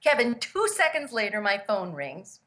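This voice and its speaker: A woman's voice: mid-range voice, normal speed. A woman telling personal stories as a guest in an interview, earnest and emphatic, acting out the voices of the people she quotes. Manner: lively storyteller who acts out the voices of the people she quotes. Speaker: guest, grief therapist and author.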